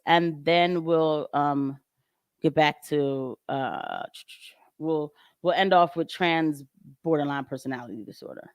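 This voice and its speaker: A woman's voice: low-pitched, slow, long pauses, smooth, no room sound, clean studio sound. A young adult woman hosting a casual commentary livestream, blunt and sarcastic, often laughing as she talks. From of Haitian descent. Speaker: show host.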